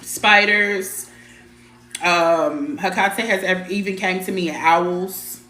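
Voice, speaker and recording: Taking it slowly, a woman with a lowish, fairly even, sharp-toned voice hosts a live spiritual stream in a reverberant space. She talks casually and bluntly, repeats phrases emphatically, swears mildly and greets viewers by name.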